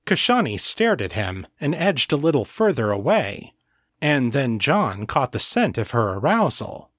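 A male narrator reads a novel aloud with an animated, wide-ranging pitch. The recording is close and dry, with no room sound. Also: measured pace, dry recording. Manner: expressive storytelling. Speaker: audiobook narrator. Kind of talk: scripted narration.

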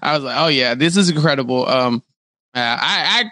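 A young adult man chatting on a podcast, excitable and gushing, with lots of fillers. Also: medium pitch, moderate pace, dry recording, clean studio sound. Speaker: podcast co-host. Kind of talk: casual chat.

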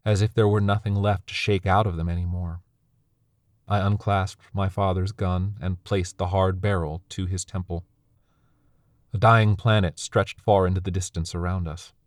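Deep-voiced man narrating a somber story. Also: a little mellow, no echo, clean studio sound. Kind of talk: scripted first-person story narration.

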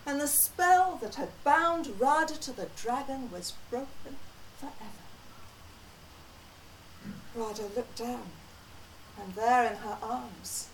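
A woman storyteller telling a folk tale live, slow and measured with dramatic pauses, accompanied by a musician. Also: fairly high pitch, a little hiss or hum. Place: conference venue, live audience. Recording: distant live recording with guitar.

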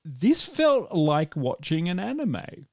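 A man's voice: a little high, huge pitch swings, slow pace, darkish tone, no echo, studio quality. A man hosting a podcast in casual chat, rambling and joking, often laughing. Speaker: podcast host.

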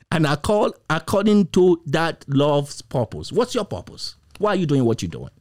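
Here a man with a fairly high, slightly mellow voice delivers a sermon. Key words get stretched out, rhetorical questions come emphatically and repetitively, and he laughs occasionally.

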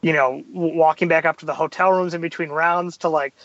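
Male podcast guest, high voice, lively anecdotes with acted-out quotes; dry, slightly muffled sound. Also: a little fast, dry recording. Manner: animated storyteller, acts out quotes. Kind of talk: casual podcast chat.

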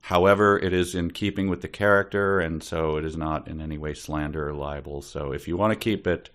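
Co-host, male, low voice, dry wry humor. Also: fairly even intonation, fairly quick, fairly bright tone. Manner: dry, wry, joking asides. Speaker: podcast co-host. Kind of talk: casual comedic book discussion.

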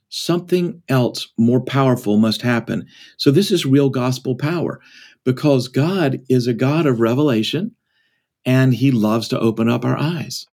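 Earnest guy pastor on a podcast, retells a story and does the voices, medium pitch. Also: a little mellow. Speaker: pastor and author, guest. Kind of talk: storytelling talk.

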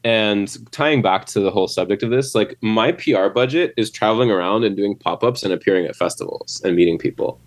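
A man with a lowish voice talks in a loose, chatty way, full of fillers and asides. He retells events by quoting what others said, like a guest on a casual podcast. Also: fairly quick, few pauses. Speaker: bar owner guest.

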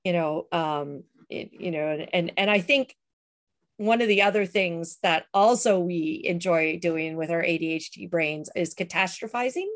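A woman's voice: fairly low pitch, moderate pace. A middle-aged woman talking casually, hesitant, with many restarts and fillers. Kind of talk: casual chat.

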